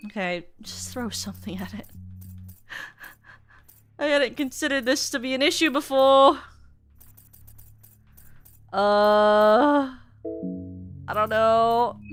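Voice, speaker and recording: A young woman streaming a game, chatting casually and mocking herself, with a sniffly nose and sudden excited shrieks. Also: high-pitched. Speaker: VTuber streamer. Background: game music.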